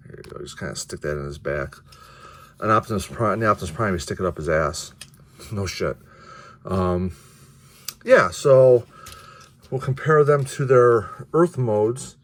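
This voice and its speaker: A man casually reviewing action figures, rambling with many restarts and the odd curse. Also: on the low side. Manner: offhand, mildly profane. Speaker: toy reviewer.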